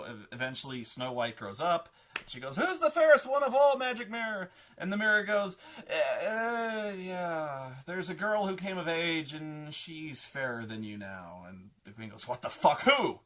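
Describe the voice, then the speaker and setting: A young adult man giving a casual, rambling film review, self-deprecating and animated. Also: mid-range voice.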